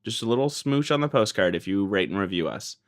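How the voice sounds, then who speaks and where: A man co-hosting a podcast in casual chat, playful and teasing, with his tone leaping between high and low. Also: animated, fast. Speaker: podcast co-host.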